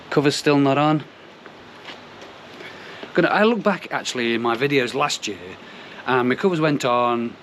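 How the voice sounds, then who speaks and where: A man's voice: mid-range voice, a bit bright, slight background noise. A middle-aged man hosting a casual pond vlog outdoors, rambling and digressing with self-deprecating jokes. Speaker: koi pond channel host.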